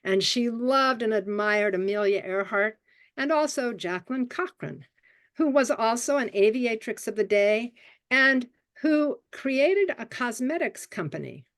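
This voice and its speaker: A woman in her seventies telling a personal childhood story at a story swap event, vivid and expressive. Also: fairly high pitch, a little slow. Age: 70s.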